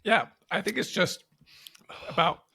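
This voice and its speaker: A man's voice: high-pitched, lively intonation, a little slow, gravelly, bright, forceful tone, breathy edge, no echo. A man co-hosting a podcast in casual chat, joking and laughing often into a close mic. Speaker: podcast co-host.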